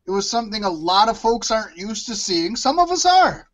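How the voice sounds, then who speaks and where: This co-host of a wrestling podcast has a high-pitched, very animated voice that's fairly quick and a bit bright. In casual chat he's blunt and opinionated, swears frequently, and keeps restarting his sentences.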